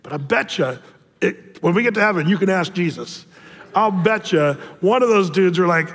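A man's voice: sits high, moderate pace. A man preaching a sermon, telling Bible stories with humor and acting out the people in them. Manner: animated storytelling, acts out voices. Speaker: pastor. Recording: reverberant hall.

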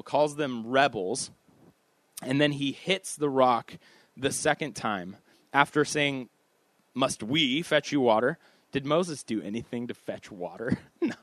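A man's voice: mid-range voice, no echo. A man preaching a casual expository sermon, talking in a conversational, self-deprecating way with offhand asides.

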